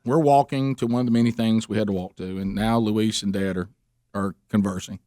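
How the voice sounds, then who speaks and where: A man's voice: fairly low pitch, fairly even intonation, a little fast, mellow, no room sound, studio quality. A man, hosting a radio show and telling rambling, chuckling anecdotes in casual chat.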